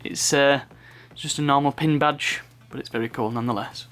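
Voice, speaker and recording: A man's voice: mid-range voice, fairly even intonation, moderate pace, few pauses, fairly bright tone, faint music behind. A man casually chatting through an unboxing, rambling off on asides and chuckling at his own remarks. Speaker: unboxing video host.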